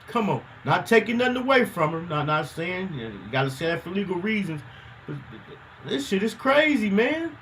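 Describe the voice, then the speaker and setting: A man's voice: high-pitched, a little fast, a little hiss or hum, rough recording. A man hosting a news commentary show, talking casually with slang and repeating himself as he makes his point. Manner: animated, repetitive, conversational slang.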